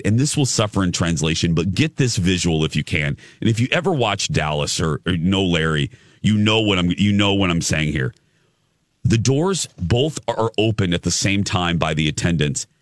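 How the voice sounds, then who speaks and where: A man telling a story in casual conversation, lively, with frequent restarts. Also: deep voice, no echo, clean studio sound. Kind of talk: casual anecdote.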